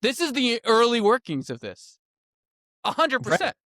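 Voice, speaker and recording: Man, high voice, very lively pitch, podcast co-host, laughing and incredulous, dry close recording. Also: normal speed, no echo. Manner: laughs often, animated and incredulous. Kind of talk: casual political chat.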